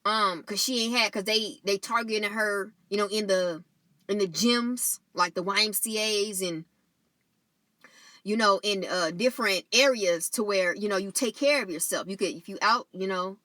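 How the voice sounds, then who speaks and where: Woman w/ just talking to her viewers, bright fairly high voice, dry close sound, lots of "you know". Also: normal speed, dry recording. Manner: conversational, repeats "you know", restarts often. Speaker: channel host. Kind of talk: casual spiritual monologue to viewers.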